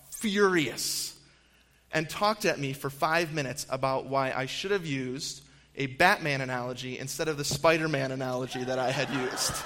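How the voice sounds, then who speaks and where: A campus minister in his thirties, with a medium-pitched, pushed and bright voice, gives a storytelling sermon to an audience under long hall reverb. His tone is conversational and self-deprecating, full of ums and restarts.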